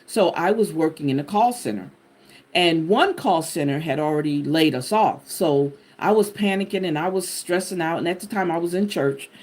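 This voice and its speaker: A woman host telling a personal testimony to her viewers in an animated, expressive way, talking to them directly. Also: lowish voice, moderate pace. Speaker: channel host sharing a personal story.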